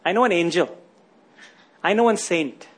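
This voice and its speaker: A man's voice: high voice, moderate pace. A man preaching a sermon, often asking his listeners rhetorical questions and tagging lines with "isn't it?".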